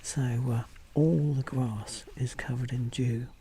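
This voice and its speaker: A man vlogging outdoors in a forest while hunting wildlife photos, often dropping to a hushed whisper, with many pauses and fillers. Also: medium pitch, steady tone, slight background noise. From England. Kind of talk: casual outdoor vlog narration. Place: outdoors in a forest among bracken. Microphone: small handheld camera mic.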